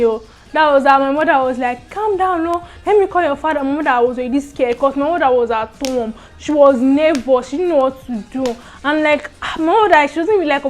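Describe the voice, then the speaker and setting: Animated young woman telling a story. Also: sits high. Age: young adult. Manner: animated, quick swings between loud and hushed. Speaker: vlogger. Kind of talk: storytime vlog.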